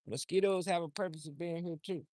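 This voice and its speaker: A man's voice: fairly high pitch, steady tone, brisk, darkish tone. A man livestreaming outdoors, talking in a loose, rambling, slangy way and often repeating himself. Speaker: livestream host. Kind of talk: casual rambling chat.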